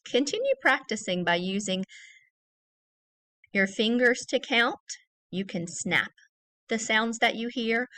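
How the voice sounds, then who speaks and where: Slow, patient woman teacher. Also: a little high, sing-song, sharp tone. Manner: slow, clear, repeats each word for children. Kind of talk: recorded early-grade reading lesson.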